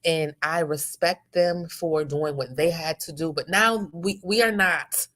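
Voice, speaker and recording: A woman's voice: sits low, unhurried, a bit bright. A woman co-hosting a casual talk show, speaking passionately and emphatically. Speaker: podcast co-host. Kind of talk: casual chat.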